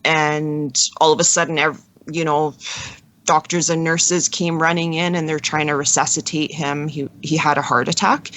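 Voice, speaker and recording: A woman being interviewed as a guest, telling a personal story in an earnest, halting way with frequent restarts. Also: sits low, a bit bright, no room sound.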